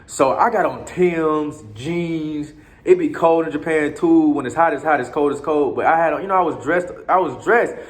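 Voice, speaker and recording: A man's voice: fairly high pitch, moderate pace. A man casually telling a long story, in loose slangy talk full of cursing, restarts and asides to his listener. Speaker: storyteller recounting his time abroad.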